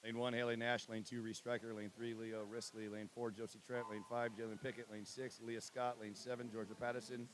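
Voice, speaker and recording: A man announcing lane assignments and calling races as commentator for a swim meet livestream, with a steady list-reading cadence. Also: mid-range voice, a little fast, hardly any pauses, a little hiss or hum. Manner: reads lane lists in a steady cadence, banters with co-host.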